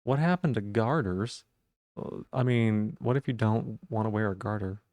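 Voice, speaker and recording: A man's voice: on the low side, normal speed, a little mellow, no room sound. A man streaming live, chatting casually and playfully while he repeats silly puns and rambles.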